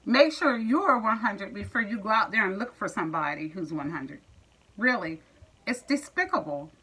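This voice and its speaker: Woman, AAVE, sassy profane rant, vlog monologue, bright voice. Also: medium pitch, lively intonation, moderate pace, breathy edge, low-quality recording. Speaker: vlogger. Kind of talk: ranting monologue to viewers.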